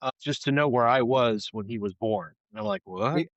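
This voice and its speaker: Man, late forties, gravelly voice, laid-back chat, casual swearing, dull lo-fi sound. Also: medium pitch, brisk, no room sound. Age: 40s. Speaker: podcast co-host.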